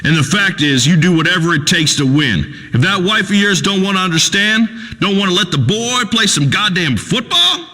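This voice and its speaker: A crude, pompous radio host, booming through a long hall reverb. His voice rides high and bright, swinging up and down as he blusters in folksy broken grammar. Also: lively intonation, moderate pace, hardly any pauses. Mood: preachy. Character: crude redneck male talk radio host. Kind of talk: comedic radio talk show acting.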